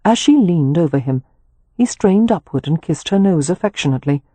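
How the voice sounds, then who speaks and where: A woman narrating an audiobook in a measured storytelling manner, recorded on a close mic. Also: on the low side, animated, dark tone, slightly rough, no echo. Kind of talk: scripted narration.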